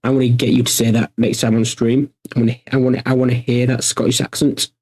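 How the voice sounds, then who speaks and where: A man's voice: mid-range voice, level tone, quick pace, a little mellow, breathy edge, low-quality recording. Rambling man chatting on stream. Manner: rambling, thinks aloud with many restarts. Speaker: streamer hosting a workshop. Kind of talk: casual livestream chat.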